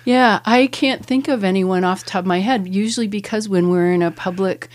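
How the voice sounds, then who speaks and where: A woman from Ohio, an English professor, answering interview questions in an explanatory, measured way with frequent "um"s. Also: medium pitch.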